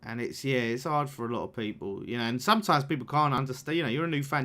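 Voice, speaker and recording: A young man with a medium-pitched, expressive voice hosts a live football watchalong for a fan channel, talking quickly with few pauses. He's chatty and swears, reacting loudly to the game and reading out viewers' super chats.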